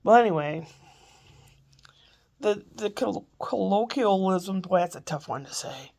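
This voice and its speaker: A woman with a gravelly edge rambles through a casual home vlog, chatty and self-interrupting. She sounds a bit congested. Her pitch sits in a middling range. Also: expressive, measured pace, darkish tone. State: congested, coughing. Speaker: vlogger.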